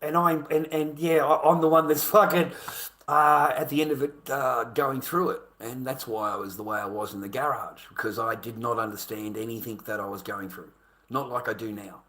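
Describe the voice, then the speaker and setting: Australian man, fifties, bright tense voice, aggrieved and swearing, rambling vlog monologue. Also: medium pitch, fairly even intonation, moderate pace. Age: 50s. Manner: aggrieved, swearing, repeats himself. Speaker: vlogger.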